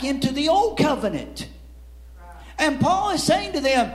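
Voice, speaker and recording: Preaching in a high voice, this man swings hugely in pitch and speaks a little slowly. His emphasis climbs as he drives each point, then falls low, with frequent stumbles over repeated words and an "Amen" to close.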